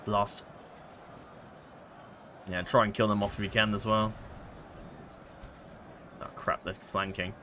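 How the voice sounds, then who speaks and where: A man's voice: lowish voice, level tone, slow, long pauses, pushed and bright, a little hiss or hum. A man giving casual let's-play commentary, rambling and hesitant, full of fillers and self-corrections. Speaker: gameplay commentator.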